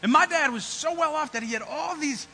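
A preacher telling a narrative sermon in first person, acting as a brash, repentant young prodigal son with animated, swinging delivery. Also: male voice, very high-pitched, brisk, slight background noise, heavily acted, rough recording. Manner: animated storytelling, swings between loud and hushed. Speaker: preacher in character.

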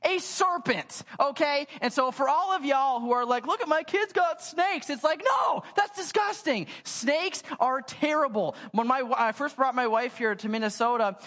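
Casual, animated male pastor preaching. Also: extremely high pitch, moderate pace, few pauses. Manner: casual, animated storytelling with many "like" fillers. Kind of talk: sermon. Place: church sanctuary. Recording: long church hall reverb.

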